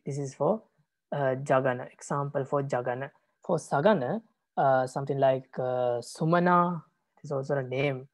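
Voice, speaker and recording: A man who is a Buddhist monk teaching a language class, patient and repetitive, pausing often with hesitations. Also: medium pitch, no room sound. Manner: patient, repeats words, many hesitations.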